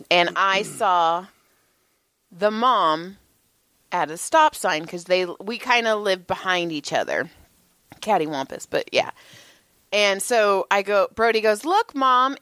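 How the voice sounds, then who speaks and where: A woman in her thirties co-hosting a podcast, telling a story in a casual, animated way and often laughing and swearing. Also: medium pitch, clean tone, dry recording. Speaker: podcast co-host.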